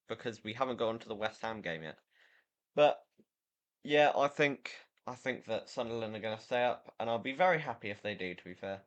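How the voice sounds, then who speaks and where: A tired man talks football in a loose, rambling way, with lots of fillers and self-corrections. His pitch sits right in the middle for a man. He gives his opinions bluntly as the host of a casual chat show. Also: a bit bright. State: tired, yawning. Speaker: podcast host.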